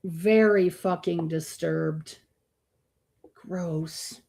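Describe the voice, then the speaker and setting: A woman's voice: fairly low pitch, steady tone, extremely slow, vocal fry, warm tone. A woman hosting a live reaction stream, greeting viewers by name and speaking bluntly, with frequent swearing and disgusted groans. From Florida. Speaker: livestream host. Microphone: streaming microphone.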